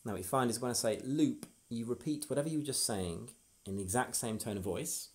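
A young man hosting a casual livestream as a hypnotist, teasing and playful, giving slow, measured trance cues. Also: medium pitch. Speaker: stage hypnotist and stream host. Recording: roomy echoey room.

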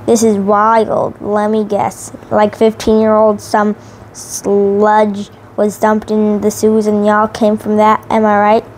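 A woman's voice: medium pitch, monotone, slow pace, a little mellow, a little hiss or hum, close to an everyday voice. A woman reading the part of a big, brash male fly mutant boss who talks in slangy, laid-back, friendly phrases. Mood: chummy.

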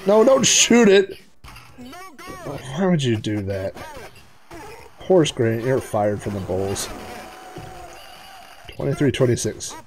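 Gravelly man chatting through gameplay. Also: medium pitch. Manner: chatty, excitable, talks to the on-screen players. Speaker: retro gaming video host. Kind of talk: casual gameplay commentary.

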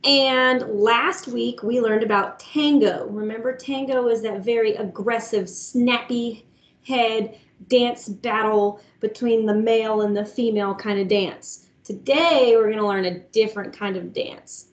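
Upbeat teacher woman, slightly high voice. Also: steady tone, a little slow, dull audio. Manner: upbeat, talks to kids directly with lots of "guys" and "all right". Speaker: music teacher. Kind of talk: online music lesson for young children.

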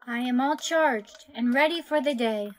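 A woman's text-to-speech voice playing a curious female household robot in a flat, synthetic way. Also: sits high, normal speed, natural voice.

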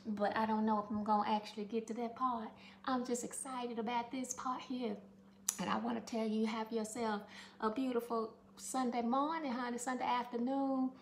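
A woman's voice: on the high side, little pitch movement, normal speed, echoey room, slight background noise. A woman chatting through a home cooking demonstration, affectionate and talkative, calling her viewers honey.

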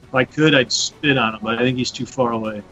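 A man's voice: medium pitch, steady tone, fairly quick, sharp tone. A man playing a tabletop game, wry and a little apologetic as he calls his actions. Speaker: player. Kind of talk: casual tabletop play. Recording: dull lo-fi sound with faint music.

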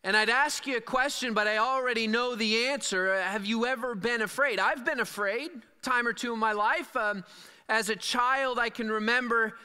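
A man's voice: extremely high pitch, normal speed, pushed and bright, clear, resonant tone. A man preaching a sermon as pastor, reading scripture and then talking conversationally with small fillers and restarts. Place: church sanctuary. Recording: long church hall reverb.

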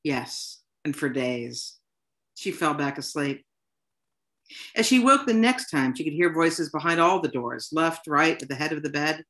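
A woman author reading her own short story aloud to an audience, in a plain, unhurried storytelling manner. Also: low-pitched. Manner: unhurried, plain storytelling delivery with soft "um" fillers.

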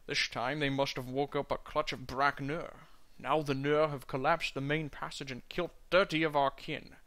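A man's voice: fairly high pitch, level tone, moderate pace, a bit bright, close to an everyday voice. A man voicing a blunt old male dwarf miner in a mock Scottish accent, stumbling over the lines as he reads. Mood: gruff.

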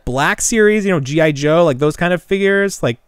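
A man co-hosting a podcast who rambles through casual stories, full of fillers and quick laughs. His pitch swings widely as he talks. The sound is dry and close. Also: expressive, smooth, dry recording. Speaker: podcast co-host. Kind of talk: casual chat.

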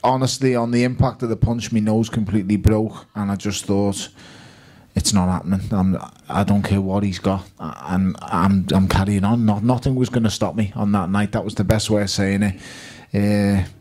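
A man's voice: lowish voice, moderate pace. Liverpool man telling a fight story. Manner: lively anecdotal, quotes himself and others. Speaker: guest boxer. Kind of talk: storytelling at a live fan evening.

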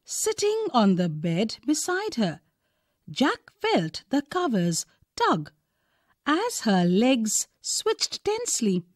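A woman with an Indian English accent, reading a textbook story aloud to a class, expressive and deliberate. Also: on the high side, no echo, clean studio sound.

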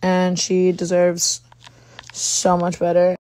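A woman's voice: fairly low pitch, monotone, slow pace, warm tone, no echo. A woman talking on a phone livestream, agitated and rambling, swearing often. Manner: agitated, swears a lot, rambling with many likes. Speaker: social media livestreamer. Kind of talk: casual livestream talk.

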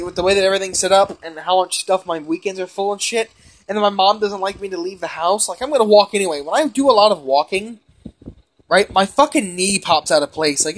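A young man who is a gaming vlogger, ranting in frustration and cursing heavily as he rambles while playing a game. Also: high voice. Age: young adult.

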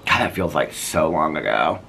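Birds and faint outdoor sounds fill the background as a man in his 50s rambles through a casual neighborhood vlog, telling stories and laughing frequently. He has an animated, gravelly bass voice with a sharp tone at normal speed, plus a little hiss or hum.

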